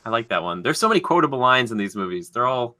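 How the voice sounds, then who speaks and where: A young man hosting a podcast, chatting casually and running a movie quote quiz, animated and quick to laugh as he acts out lines. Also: medium pitch. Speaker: podcast host.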